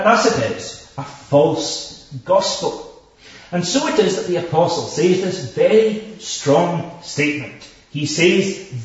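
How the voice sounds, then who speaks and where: A man preaching a sermon with slow, emphatic delivery, stressing repeated words and reading scripture in old formal English. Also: a little high. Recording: echoey, distant, dull hall recording.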